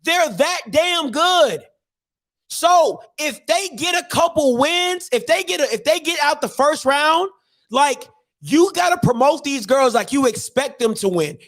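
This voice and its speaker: Firing off rhetorical questions again and again, a podcast host rants emphatically about his opinions in casual slang, often restarting mid-thought. He has a very high, fairly bright voice.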